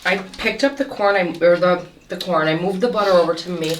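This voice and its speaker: Woman telling a lively story over a meal. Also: lowish voice, fairly quick. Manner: lively storyteller, acts out dialogue. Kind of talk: casual chat while eating. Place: home kitchen at a meal. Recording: echoey room from a distance, background noise.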